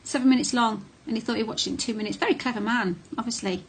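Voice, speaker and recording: A woman's voice: a little high, quick pace, breathy edge. A middle-aged woman talking casually to camera, blunt and candid, with frequent ums and restarts. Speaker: vlogger on narcissistic abuse.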